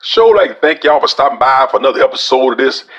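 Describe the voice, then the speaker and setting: A man's voice: mid-range voice, expressive, fast talker, a bit bright, highs cut off. A man hosting a podcast, casually reviewing a cigar in a folksy, drawling way. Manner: folksy, drawling, addresses listeners as y'all. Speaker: podcast host.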